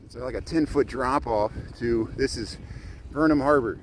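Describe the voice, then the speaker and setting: A man's voice: mid-range voice, normal speed, poor audio. Chatty man narrating a bike ride. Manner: chatty, points out sights as he rides. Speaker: vlogger giving a livestreamed bike tour. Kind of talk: casual live tour commentary. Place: outdoors by a city lakefront harbor, riding a bike. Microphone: camera mounted on a bike. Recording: outdoor wind and traffic noise. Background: wind noise from riding.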